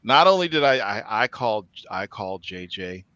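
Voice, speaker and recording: A man hosting a podcast, telling a story in a casual, profane, animated way. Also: fairly low pitch, normal speed, no room sound, lo-fi sound. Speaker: podcast host.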